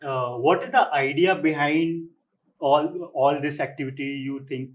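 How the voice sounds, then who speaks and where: A man's voice: on the high side, a little slow, low-quality recording. A man hosting a podcast, giving short encouraging replies and asking curious questions. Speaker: podcast host. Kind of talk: casual podcast conversation.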